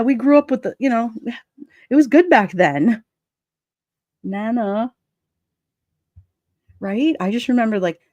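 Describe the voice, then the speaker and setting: A woman's voice: mid-range voice, mellow, no echo. Lady chatting on a stream, reading comments, laughing, lots of um and like, dead dry sound. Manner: rambling, laughs often, lots of fillers and restarts. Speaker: livestream host reading chat. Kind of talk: casual chat.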